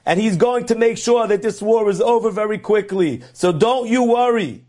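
A man's voice: sits high, moderate pace, a little mellow, pitched above the performer's own voice, lightly acted. A man voicing the big spirit of a sage in a dream, firm and reassuring.

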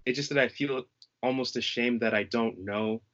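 A man's voice: medium pitch, normal speed, a bit bright, highs cut off. Earnest young man, reflective casual talk. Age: young adult. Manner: earnest, reflective, searching for words. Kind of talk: casual conversation.

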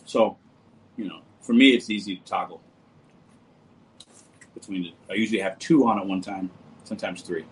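Male livestream host, relaxed and jokey, slightly low voice. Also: normal speed, long pauses, a little hiss or hum, low-quality recording. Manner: laid-back, joking, talks to viewers as brother and bro. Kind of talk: casual livestream chat reading comments.

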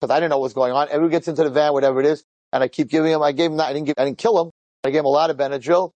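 Animated storytelling rabbi, a man. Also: on the high side, no room sound. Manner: animated, acts out the dialogue in quick bursts. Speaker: rabbi and teacher. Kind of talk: inspirational storytelling to an audience.

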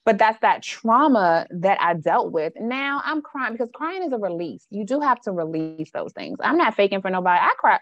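A woman's voice: medium pitch, big pitch swings, moderate pace, hardly any pauses, highs cut off. A woman life coach, talking frankly and emphatically in a casual podcast chat. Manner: frank, emphatic, slips into dialect and quoted voices.

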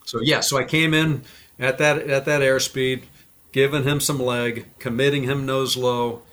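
A man's voice: mid-range voice, measured pace. A man, a former fighter pilot, telling stories in a casual interview and acting out the voices in them. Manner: animated, acts out quoted dialogue.

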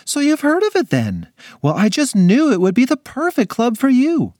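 A man's voice: extremely high pitch, huge pitch swings, moderate pace, darkish tone, no echo, clean studio sound, voice pushed up, heavily acted. A man voicing a cheerful, overeager mother with a chirpy, sing-song voice.

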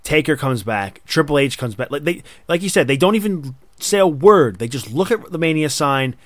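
Excitable man hosting a dry-sounding podcast. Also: a little high, moderate pace, dry recording. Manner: excitable, talks in long run-on bursts with restarts. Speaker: podcast host. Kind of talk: casual wrestling chat.

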